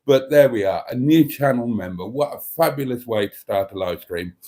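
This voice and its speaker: A man's voice: medium pitch, expressive, moderate pace, dark tone. An older Welsh man hosting a casual live stream, theatrical and chatty, calling his viewers darlings. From Wales. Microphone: microphone and tablet.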